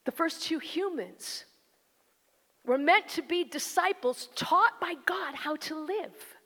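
A woman's voice: extremely high pitch, lively intonation, slow pace, sharp tone. A woman preacher giving a sermon, with conversational, emphatic delivery that speaks directly to the listeners. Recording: long hall reverb.

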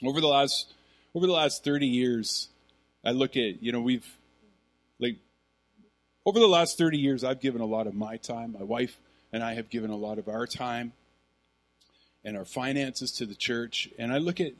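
A middle-aged man, preaching a sermon as a pastor in a conversational, animated storytelling manner. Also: mid-range voice, normal speed, long pauses.

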